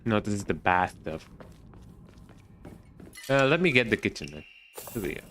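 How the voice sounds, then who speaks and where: A man's voice: lowish voice, sing-song, moderate pace, fairly bright tone, slight background noise. A man streaming a horror game, thinking aloud in a chatty, playful way and often tagging remarks with "eh?". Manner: thinks aloud, repeats words in silly riffs. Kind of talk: casual gaming commentary.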